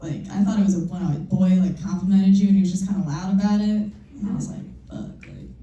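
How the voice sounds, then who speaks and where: A woman's voice: mid-range voice, fast talker, warm tone, muffled recording. A young woman performing a stand-up comedy set, telling self-mocking stories in a loose, conversational way. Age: young adult. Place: live comedy show in a room. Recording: echoey room, mic far off, noisy.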